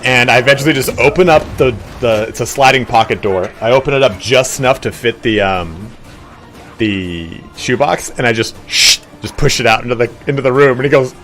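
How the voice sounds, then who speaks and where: A man's voice: medium pitch, a little fast. A young man streaming a game, telling a crude story in casual chat and acting out the voices in it. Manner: animated, crude, acts out the voices in his stories. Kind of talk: casual storytelling while gaming.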